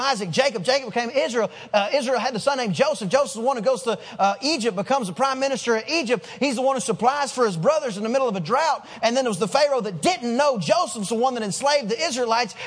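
High husky-voiced male pastor. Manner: conversational, asks the congregation questions, restarts words. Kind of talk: sermon.

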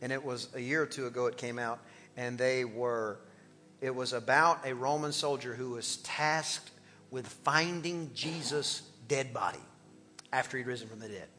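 A man preaching an animated, exclamatory sermon as pastor of a church. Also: medium pitch, normal speed, in a large hall, faint music behind.

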